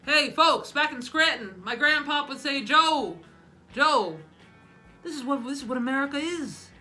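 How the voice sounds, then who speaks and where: A drowsy elderly male politician who keeps barking out to the crowd to stay awake, as a woman impersonates him. His voice sits high and sharp, jumping up in loud bursts. Faint music plays underneath. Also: expressive, a little slow, exaggerated voice. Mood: shouty. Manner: rasping, shouting "folks" to wake himself.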